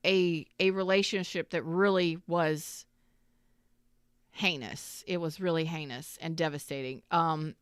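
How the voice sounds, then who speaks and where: A woman's voice: lowish voice, a bit bright, smooth, dry recording, clean studio sound. A middle-aged woman, a tarot reader, talking casually and candidly to her viewers, swearing freely and rambling through asides.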